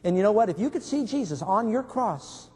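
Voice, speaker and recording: Posing questions to his congregation and threading stories through the sermon, this pastor speaks in a somewhat high, husky, slightly mellow voice. He is very animated and fairly quick, his words echoing with a long reverb as if in a big church hall.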